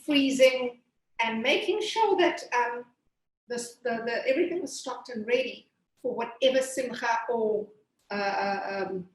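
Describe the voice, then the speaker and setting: A woman pastry chef explains her dish step by step, chatty and full of little fillers. Her voice sits a bit high. The room around her is echoey. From Zimbabwe. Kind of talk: cooking demonstration with chat.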